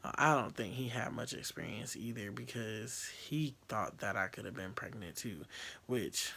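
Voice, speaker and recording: A man's voice: lowish voice, normal speed, creaky, bright, forceful tone. A young man telling a personal story to camera, candid and profane, rambling with fillers and restarts. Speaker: vlogger. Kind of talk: casual storytelling.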